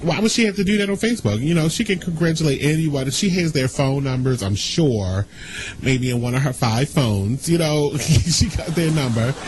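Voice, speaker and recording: A man hosting a casual radio talk show, ranting and gossiping in an animated, indignant way. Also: on the high side, normal speed, a little hiss or hum, poor audio.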